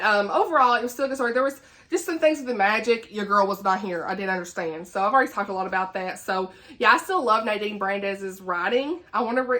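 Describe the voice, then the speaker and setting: Southern woman book vlogger, chatty and laughing, bright and forceful voice, a little high. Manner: chatty and laughing, with folksy asides. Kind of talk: casual chat.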